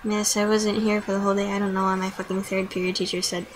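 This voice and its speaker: A woman's voice: medium pitch, flat delivery, fast, a little hiss or hum, poor audio. A teenage girl ranting casually to camera, telling a story bluntly with lots of swearing and quoted dialogue. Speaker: vlogger. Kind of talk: casual vlog rant.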